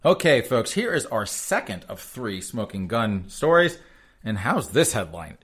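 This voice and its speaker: A man's voice: lowish voice, sing-song, a little slow, a bit bright, husky. A man hosting a sarcastic news commentary show, rambling and chuckling as he addresses his audience as folks. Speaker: host.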